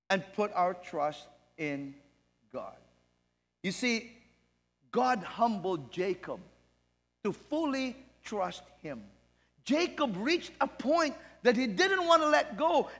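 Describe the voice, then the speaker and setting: A man's voice: sits high, creaky, pushed and bright. A male pastor preaching a sermon in an earnest, emphatic way and putting questions to his congregation, heard in a church hall. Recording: long reverb in a church hall.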